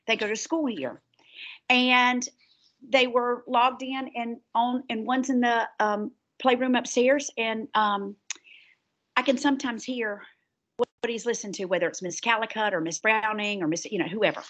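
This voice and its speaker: A woman's voice: on the high side, steady tone, normal speed, a bit bright. Southern woman co-host, school announcements, rambling easy chat. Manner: chatty, rambling, self-deprecating.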